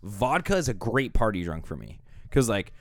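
A man's voice: on the low side, big pitch swings, normal speed, no echo, studio quality. Laid-back young man with a swooping voice. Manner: laid-back, laughing, swearing freely. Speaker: podcast co-host. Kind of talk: casual chat.

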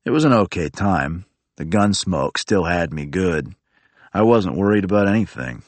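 A man narrating a first-person audiobook in a low-key, matter-of-fact way. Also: lively intonation, moderate pace, no room sound.

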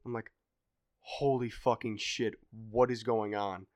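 Animated young man telling a wild story. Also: mid-range voice, a little slow, no echo, studio quality. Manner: animated, swearing, acts out voices loudly. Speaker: podcast guest. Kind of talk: casual storytelling chat.

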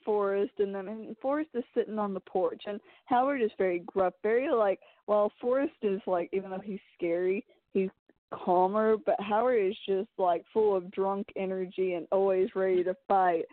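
A woman chatting casually about a film, retelling scenes in an animated, rambling way with lots of filler words. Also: mid-range voice, moderate pace, no room sound. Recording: tinny phone-like sound.

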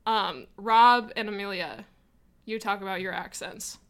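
Her voice is mid-range and a bit bright, and she talks a little slowly. The young woman chats casually on a podcast, rambling with lots of fillers while asking questions sent in by listeners.

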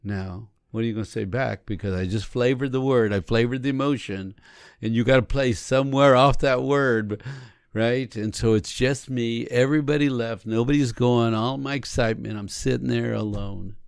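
Gravelly man coaching, earnest and explanatory. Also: medium pitch, moderate pace, no echo, studio quality. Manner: earnest, explanatory, acts out example lines. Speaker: relationship coach. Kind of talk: teaching conversation.

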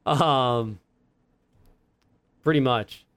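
Smooth-voiced young man telling stories. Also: medium pitch, extremely slow, a bit bright, dry recording. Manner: rambling, many fillers and laughs. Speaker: podcast co-host. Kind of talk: casual storytelling chat.

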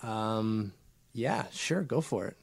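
A man's voice: lowish voice, big pitch swings, slow, creaky, breathy edge, no room sound, studio quality. A man co-hosting a podcast in casual chat, rambling and joking at his own expense. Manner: self-deprecating, joking, rambling. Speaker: podcast co-host.

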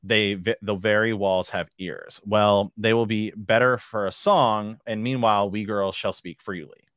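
A man reading aloud the lines of a shrewd, sharp-tongued old noblewoman from a book, in a dry close recording. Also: lowish voice, steady tone, unhurried, no room sound. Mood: wry.

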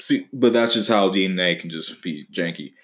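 A young man with a deep, low voice, hosting a casual comedic podcast monologue. He swears freely and jokes around, breaking into mock-dramatic outbursts. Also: moderate pace, noisy background. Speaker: podcast host.

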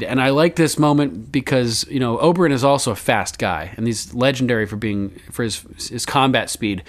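A man casually recapping a TV episode as a podcast host, chatty and loose, swearing freely and laughing often. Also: medium pitch. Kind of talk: casual chat.

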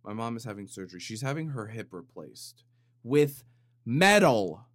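A man's voice: on the low side, lively intonation, brisk, dry recording. Rambling jokey man on a dry mic. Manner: rambling, self-interrupting, jokey and dramatic. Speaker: podcast host. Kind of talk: casual comedic monologue. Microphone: studio microphone with compressor.

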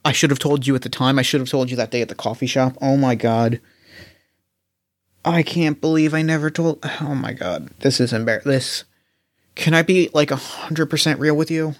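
A man playing a remorseful, excitable young male friend who stammers and gushes his apologies in an improvised role-play. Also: mid-range voice, moderate pace, close to an everyday voice. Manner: flustered, gushing, stammering.

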